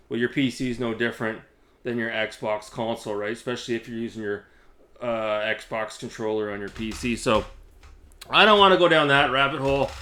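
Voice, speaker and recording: A man's voice: mid-range voice, sharp tone. A man talking in a casual, profane, sarcastic vlog rant. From Canada. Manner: profane, sarcastic, ranting with frequent laughs. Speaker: YouTuber.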